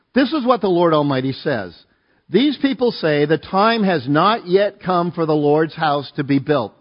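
A man's voice: medium pitch, slightly rough, highs cut off. A man preaching a sermon, reading scripture verse by verse and explaining it in a conversational way, often asking his listeners to join in. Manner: conversational, asks the congregation to join in. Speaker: pastor.

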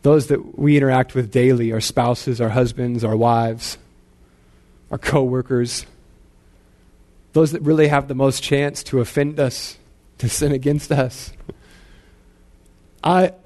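A man's voice: mid-range voice, measured pace, long pauses, a little mellow. A man in his thirties, a pastor, preaching a sermon in a casual, self-deprecating storytelling way with frequent repeated words.

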